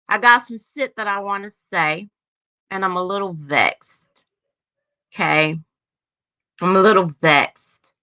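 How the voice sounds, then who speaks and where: A woman in her forties hosts her own livestream, chatting casually in a blunt, profane drawl. Her medium-pitched voice sounds pushed and bright, with no room sound, on dry, slightly dull lo-fi stream audio.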